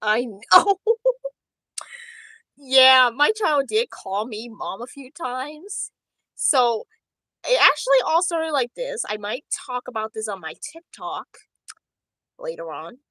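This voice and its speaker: A woman's voice: a little high, sing-song, takes it slowly, long pauses, sharp tone, no room sound, heavily acted, rough recording. A woman voicing a doting male animatronic rabbit father in a livestream role-play chat. She speaks in a chatty, giggly way, with flustered outbursts. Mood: fond.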